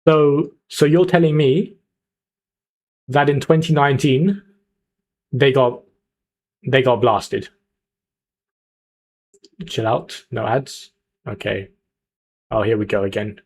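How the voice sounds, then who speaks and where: A man's voice: medium pitch, slow, pauses often, a little mellow. Hyped young man streaming to chat. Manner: chatty, hyped, talks to chat. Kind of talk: casual livestream chat.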